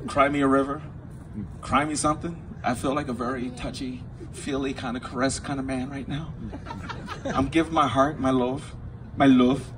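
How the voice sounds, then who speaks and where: At a small backyard show, a young Queens, New York comedian rambles through a loose stand-up set, working the crowd as the live audience laughs frequently. He has a mid-range voice, and the background is noisy.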